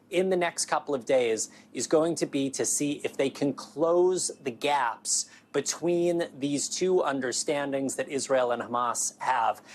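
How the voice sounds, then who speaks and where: A man gives a live field report in a steady, explanatory tone at a middle pitch. His remote feed carries faint background noise from the location. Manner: measured, informative reporting. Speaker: foreign correspondent. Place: on location at night.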